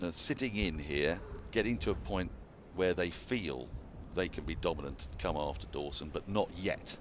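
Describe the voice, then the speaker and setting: Brief: very low male commentator, animated delivery, noisy outdoor feed. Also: normal speed. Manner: chatty, laughs easily, animated. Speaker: cricket commentator. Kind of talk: radio-style cricket commentary.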